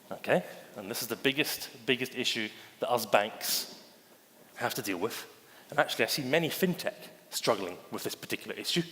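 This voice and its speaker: A bank's digital chief gives a theatrical, story-driven keynote on a conference stage, addressing the crowd as "ladies and gentlemen" and acting out anecdotes in quoted voices. His voice is mid-range, with a slight hiss or hum on a recording that echoes through the hall.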